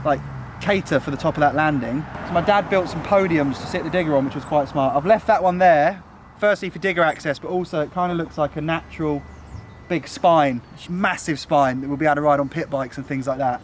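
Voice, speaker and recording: A man's voice: fairly high pitch, a little fast, slight background noise. A young man vlogging outdoors, chatty and enthusiastic, out of breath. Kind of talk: casual vlog walkthrough. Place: outdoors at a building site.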